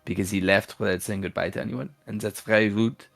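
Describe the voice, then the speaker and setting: A man's voice: fairly low pitch, fairly even intonation, fast, vocal fry. A man playing a tabletop game with friends, joking and laughing often. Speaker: player. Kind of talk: tabletop game play with character voices.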